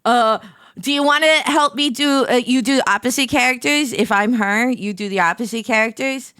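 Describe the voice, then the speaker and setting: A woman streamer reading aloud and chatting casually, giggly and animated. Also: a little high, moderate pace, clear, resonant tone, no echo, clean studio sound. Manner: giggly, animated, breaks into laughter. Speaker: streamer host. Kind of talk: casual livestream reading chat.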